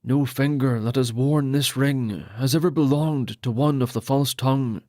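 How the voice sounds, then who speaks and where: A man's voice: medium pitch, fairly even intonation, moderate pace, a little mellow, no echo, clean studio sound, close to an everyday voice. A man voicing a solemn male lord who speaks formally while ordaining priests. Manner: formal ceremonial speech.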